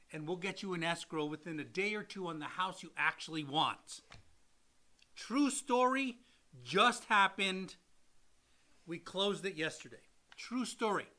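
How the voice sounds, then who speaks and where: A middle-aged man who works as a loan officer, co-hosting a casual livestream and answering viewer questions in an animated, salesy way. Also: high voice.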